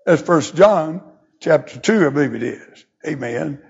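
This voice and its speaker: High-voiced preacher, folksy. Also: male voice, animated, unhurried, vocal fry, husky, highs cut off. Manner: folksy preaching with scripture read in old English. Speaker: pastor. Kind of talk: sermon.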